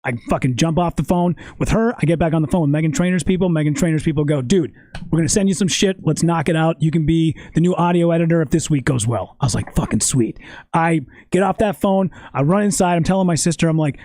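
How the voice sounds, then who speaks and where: High-voiced profane man telling stories. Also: quick pace, dry recording. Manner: animated, profane storytelling. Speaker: podcast guest. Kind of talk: casual storytelling chat.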